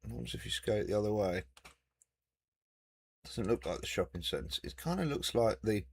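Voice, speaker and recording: Gamer, low gravelly voice, jokey banter while playing. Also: male voice, animated, brisk. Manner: joking banter with mild swearing. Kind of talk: casual chat while playing a game.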